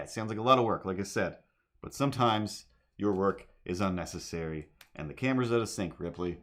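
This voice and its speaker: Male streamer, lowish voice, loose rambling chat at home, drifts into little songs. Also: brisk. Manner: rambling, sings and meows at his cat. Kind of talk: casual streaming chat while drawing. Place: home apartment.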